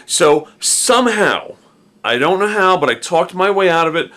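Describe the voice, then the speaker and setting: Middle-aged man, casual raconteur: lively, bright, slangy. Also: high-pitched, moderate pace. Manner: animated, slangy, peppered with "dude" and "man". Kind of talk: casual spoken storytelling.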